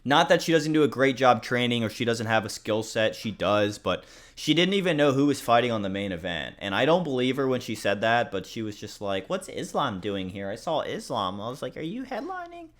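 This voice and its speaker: In his casual fight prediction video, a man with a mid-range, lively voice talks a little fast with hardly any pauses. He's rambling and blunt, cursing and laughing at his own slips.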